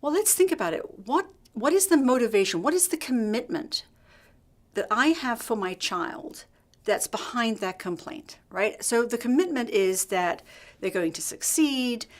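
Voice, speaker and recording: A middle-aged woman teaching leadership through a hospital story, telling it in a lively way and acting out the dialogue. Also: medium pitch. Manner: lively, acts out quoted dialogue. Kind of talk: storytelling workshop talk.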